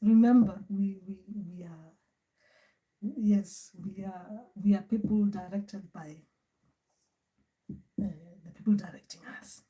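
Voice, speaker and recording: Slow-talking woman spiritual advisor. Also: mid-range voice, steady tone, mellow. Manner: slow, rambling, repetitive, with many fillers. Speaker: spiritual advisor hosting an advice session. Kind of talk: casual livestream talk.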